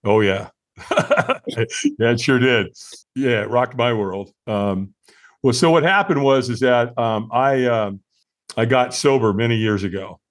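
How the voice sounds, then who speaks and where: A man in his sixties tells his life story as a podcast guest, his voice sitting at an ordinary middle pitch. He speaks earnestly and with animation, stumbling over restarts and fillers as the memory carries him. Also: measured pace. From United States. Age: 60s. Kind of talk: conversational storytelling interview.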